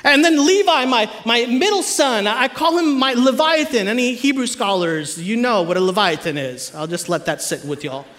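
A man in his thirties preaching a sermon in a church, telling animated, humorous family stories to the congregation. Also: extremely high pitch, normal speed, few pauses. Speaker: pastor. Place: church stage before a live audience.

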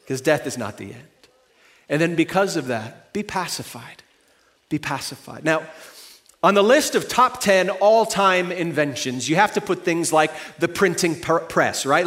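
A young adult male pastor delivering a sermon in a high voice. He talks in a conversational, joking way, then drops to soft, hushed reassurance before rising again into loud, emphatic stretches.

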